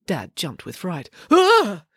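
A woman narrating a children's story, with expressive, animated storytelling. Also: low voice, normal speed, slightly rough, no room sound, studio quality. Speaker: audiobook narrator. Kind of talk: storybook reading.

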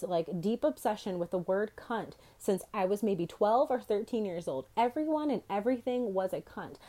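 A young woman hosting her own podcast, ranting brashly and swearing freely as she tells stories. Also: mid-range voice. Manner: brash, profane, animated storytelling. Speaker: podcast host. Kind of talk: solo podcast rant.

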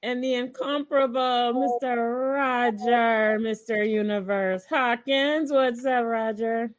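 A woman hosts a casual radio talk show and greets her crew with upbeat, repeated welcomes. She speaks slowly and unhurriedly. Her voice sits fairly high. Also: steady tone.

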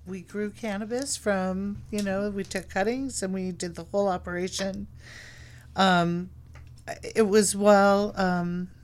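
A woman guest in a casual chat who talks in a relaxed way with frequent hesitations. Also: mid-range voice. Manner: relaxed, hesitant, many ums.

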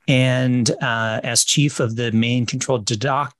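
A man's voice: medium pitch, steady tone, takes it slowly, no echo. A man co-hosting a casual history podcast, explaining events steadily and correcting himself now and then. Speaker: podcast co-host.

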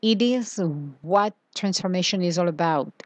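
A woman giving a motivational spiritual talk as a coach, speaking in a slow, soothing way with drawn-out phrases. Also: fairly low pitch, no echo.

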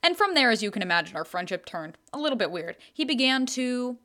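A woman's voice: fairly high pitch, very animated, a little fast, pushed and bright. A young adult woman co-hosting a podcast, telling a story in casual chat, swearing freely and laughing often. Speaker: podcast co-host.

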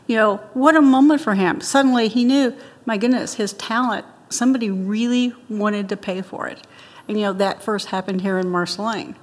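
A woman's voice: medium pitch, moderate pace, in a large hall. An older woman being interviewed, telling childhood stories in a chatty way and laughing often. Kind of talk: interview storytelling.

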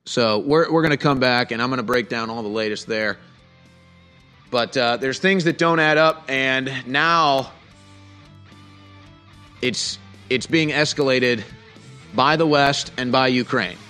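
A man's voice: mid-range voice, unhurried, long pauses, bright, forceful tone, smooth, soft background music. A middle-aged man hosting a heated political commentary show, sarcastic and full of rhetorical questions.

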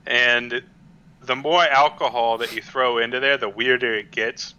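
A man with a very bright, crisp voice chats loosely and pokes fun at himself. The recording sounds dull and lo-fi. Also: mid-range voice, steady tone, a little slow. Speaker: podcast co-host. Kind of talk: casual chat.

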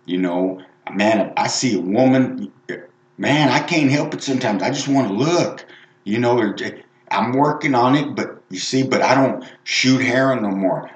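A deep-voiced man preaches informally, rambling and emphatic, with a lot of asides. The sound rings around a roomy space. He talks plainly to his listeners as a lay evangelist. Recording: roomy echo.

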